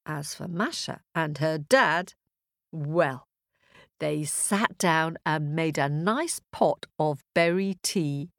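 A woman storyteller narrating a fairy tale for children, expressive and with chanted sound effects. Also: fairly low pitch, no room sound, studio quality.

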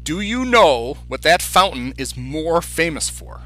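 A man's voice: on the high side, big pitch swings, measured pace, a bit bright, faint music behind, low-quality recording. A man co-hosting a casual podcast, chatty and recounting film scenes with enthusiasm. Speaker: podcast co-host.

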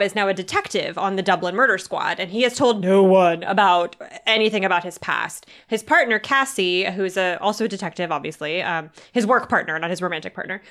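A woman's voice: medium pitch, fairly bright tone, clean tone. A woman co-hosting a podcast, chatting casually about books, laughing often and filling with "like". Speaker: podcast co-host. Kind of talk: casual book chat.

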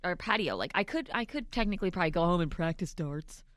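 A woman co-hosting a radio podcast, rambling in an animated, self-mocking way. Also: lowish voice, fast talker, no room sound, studio quality. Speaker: podcast co-host. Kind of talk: casual banter.

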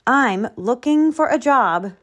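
A woman voicing a small, stubborn young male bear cub in an eager, higher childlike voice, in a storybook read-aloud. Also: animated, takes it slowly, a bit bright, full character voice.

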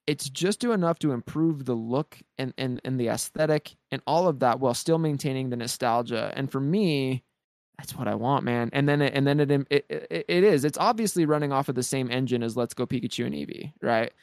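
An excited man co-hosting a podcast, rambling along in casual chat. His voice sits at an ordinary middle pitch. It is recorded dry and close, with no room sound. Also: fairly quick, vocal fry, no echo. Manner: excited rambling with many restarts. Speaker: podcast co-host.

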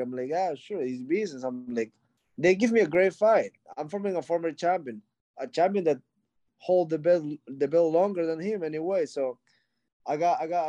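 A man's voice: fairly high pitch, dark tone, dry recording. A young adult man, a fighter being interviewed, speaking bluntly with lots of swearing and fillers. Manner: blunt and profane, frequent "like" and "you know". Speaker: fighter guest. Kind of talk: casual interview talk.

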